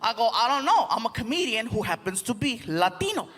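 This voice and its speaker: Before a live audience on a big theater stage, an American man delivers an animated stand-up set, jumping into character voices and tossing out crowd-work asides. His voice is very high and fairly quick. The hall echoes with loud laughter and crowd noise.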